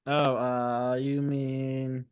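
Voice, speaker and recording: A man co-hosting a laid-back book podcast, with a voice of ordinary pitch. He jokes around and swears casually as he chats. The recording is dry and close, with no room echo. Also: extremely slow, clear, resonant tone, muffled recording. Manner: relaxed and joking, swears casually. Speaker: podcast co-host.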